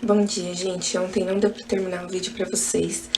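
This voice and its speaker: A woman with a Brazilian accent, talking casually to her vlog viewers in a brisk, friendly way. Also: fairly low pitch, little pitch movement, distant mic. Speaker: vlogger.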